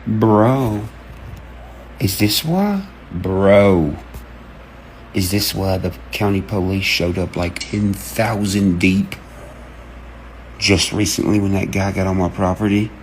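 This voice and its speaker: A man, ranting excitedly to camera, cursing and jumping from one topic to the next as he acts out quotes. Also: sits low, slow pace, pauses often, slight background noise. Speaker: online creator. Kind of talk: rambling rant to camera.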